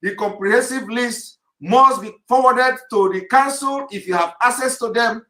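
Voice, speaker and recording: A man giving a live online address to his followers, insistent and repetitive, in the manner of forceful oratory. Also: very high voice, moderate pace. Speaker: activist leader giving a live broadcast. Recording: roomy echo.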